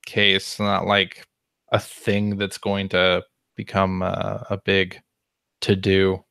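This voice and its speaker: Relaxed podcast host man, dry sound. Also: low voice, slow, creaky, clear, resonant tone, no room sound. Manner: relaxed, reads listener questions aloud. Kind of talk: casual podcast chat.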